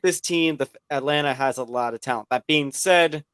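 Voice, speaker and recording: A man on a sports podcast panel, giving picks in relaxed casual talk. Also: medium pitch, a little fast, soft background music.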